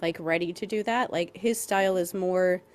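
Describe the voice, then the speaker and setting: A woman's voice: fairly low pitch, normal speed. Exasperated woman podcast co-host. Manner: exasperated, animated ranting. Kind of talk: casual podcast chat about a novel.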